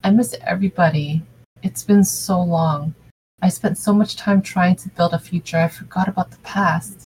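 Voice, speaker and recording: A woman's voice: lowish voice, steady tone, normal speed, a little mellow, husky, low-quality recording. A woman reading the lines of an earnest, sentimental young woman in an amateur fan fiction reading. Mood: wistful.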